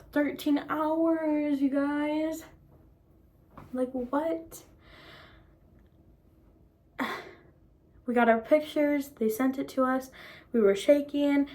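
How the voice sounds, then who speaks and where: Her voice sits fairly high as this young woman vlogs casually, rambling through her story with lots of fillers, sounding excited and hardly able to believe it.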